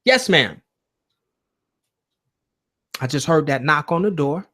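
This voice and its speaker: A man's voice: on the high side, expressive, slow pace, pauses often, pushed and bright. A man hosting a casual livestream chat show, talking loosely and emphatically with plenty of swearing, speaking straight to his viewers and reading their chat. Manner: loose, profane, emphatic preaching tone. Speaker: host of a call-in show.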